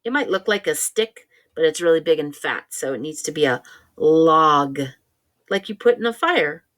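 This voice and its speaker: A woman teaching a reading lesson to young children. She sounds out vowels and stretches words slowly, and she speaks patiently and encouragingly to a child. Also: deep voice, expressive, a bit bright.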